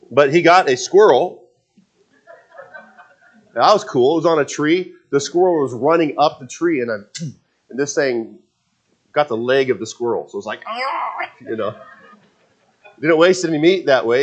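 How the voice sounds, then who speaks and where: A man's voice: mid-range voice, normal speed, pauses often. A man in his forties telling a casual personal story, rambling with many restarts and fillers. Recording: dull lo-fi sound.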